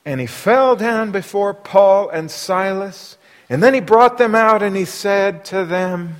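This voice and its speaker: A man delivering a sermon with a fairly high voice that rings out through a long hall reverb. He poses rhetorical questions to his listeners and swings between hushed asides and loud, forceful passages. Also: unhurried. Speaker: preacher.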